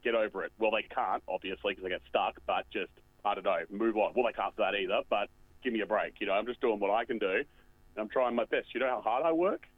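A man's voice: lowish voice, quick pace, natural voice. A man voicing a lonely, self-pitying road bridge that rambles melodramatically, close to tears, as a guest on a comedy radio bit. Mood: sorrowful. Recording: tinny phone line.

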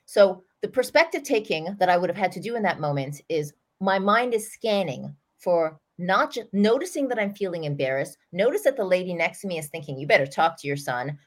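A middle-aged woman, a parenting coach, talking through an example in an earnest, animated way as a podcast guest. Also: on the low side. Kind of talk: storytelling explanation in an interview.

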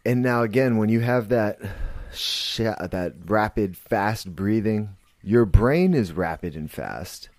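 A man's voice: on the low side, animated, slow, few pauses, a little mellow, no room sound. A man hosting a podcast, talking in a blunt, profane, rambling monologue full of restarts. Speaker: podcast host. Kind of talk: casual monologue.

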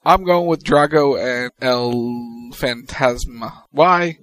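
A man co-hosting a wrestling podcast, talking through upcoming matches in a relaxed, matter-of-fact way. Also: mid-range voice, slow pace, no echo. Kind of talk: casual chat.

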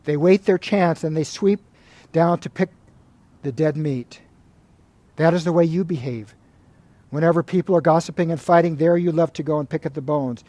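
A monk giving a spiritual talk, with a fairly high yet mellow, warm voice. He tells stories calmly and at an even, measured pace. The sound is dry and close. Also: no echo. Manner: calm, measured storytelling with reading aloud of quoted passages.

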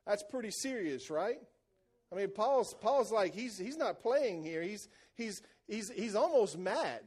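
A man delivers an animated church sermon in a voice pitched unusually high for a man. He preaches with energy and keeps drawing the congregation into call-and-response. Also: measured pace, slightly rough. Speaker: pastor.

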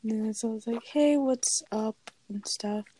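A young woman co-hosting a podcast, chatting casually with frequent giggles and drawn-out fillers into a close mic. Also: fairly high pitch, mellow. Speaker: podcast co-host. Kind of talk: casual chat.

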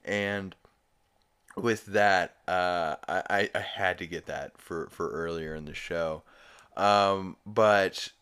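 A man's voice: low voice, fairly even intonation, takes it slowly, a bit bright, clean tone. A young man hosting a podcast, retelling an episode in a rambling, profane way, with laughs along the way. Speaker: podcast host. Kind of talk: casual episode recap.

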